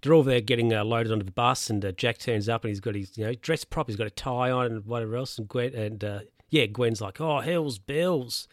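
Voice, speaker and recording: A man's voice: medium pitch, fairly even intonation, fairly quick, hardly any pauses, no echo, studio quality. A young man casually retelling a film's plot, rambling, chuckling and losing his place to check his notes. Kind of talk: casual film recap.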